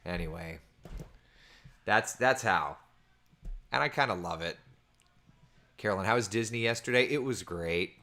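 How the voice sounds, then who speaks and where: A man talks through the weather in a relaxed livestream from home, with lots of tangents. His pitch rises and falls a great deal as he chats. He sits at his computer's built-in mic. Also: a little slow, pauses often. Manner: chatty and rambling, reading viewer comments aloud. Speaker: weather forecaster. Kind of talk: casual livestream forecast chat. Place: at home with his small children nearby. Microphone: computer camera mic.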